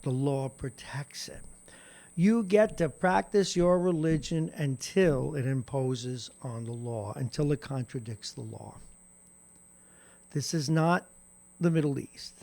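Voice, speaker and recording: A man's voice: a little high, creaky, darkish tone. A middle-aged man hosting a morning radio talk show, delivering an indignant, sarcastic monologue and chuckling at his own jokes. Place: radio studio. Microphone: studio microphone.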